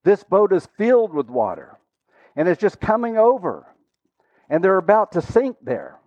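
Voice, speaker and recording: A man preaching a sermon, telling a story dramatically and swinging from loud, urgent lines to hushed, quiet ones. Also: high voice, huge pitch swings, normal speed, no room sound, muffled recording.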